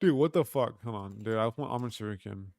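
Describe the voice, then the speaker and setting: A man's voice: on the low side, animated, a little fast, creaky, a little mellow, no echo, studio quality. A young man from Kentucky hosting a casual livestream, joking loosely, swearing often and reading chat aloud. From Kentucky, USA. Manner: loose, profane, joking banter. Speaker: livestream host.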